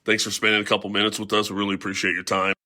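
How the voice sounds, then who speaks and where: A middle-aged man hosts a casual sports talk show. His voice sits on the low side and sounds close and dry, with no room around it. He tells stories with animated flair, often checking in with a quick "right?". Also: no echo. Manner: animated storyteller, tag questions like right?. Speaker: podcast host. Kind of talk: casual storytelling chat.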